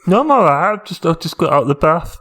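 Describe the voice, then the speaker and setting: A meek young man who is dying stumbles over his words in a high, lively voice, put on by a man. He is a comic improv figure, hesitant and stammering in every reply. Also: slightly rough, heavily acted. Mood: breezy. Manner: halting, stammering replies. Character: dying young male best friend Lance, meek.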